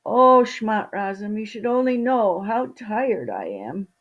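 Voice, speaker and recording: A humble young archer from a storybook, friendly and good-natured, as a woman storyteller puts him on. The voice is husky and lively. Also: mid-range voice, slow, lo-fi sound, pitched above the performer's own voice, exaggerated voice.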